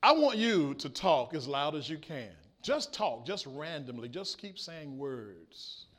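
Male pastor, high voice, call-and-response preaching that swings from soft to loud. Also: big pitch swings, a little slow. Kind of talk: sermon with a live illustration.

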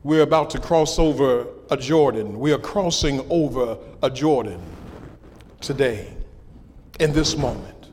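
A man preaching a sermon as a pastor, impassioned, rising into sung cries and dropping to hushed lines. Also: mid-range voice, a little slow, long reverb tail, slight background noise.

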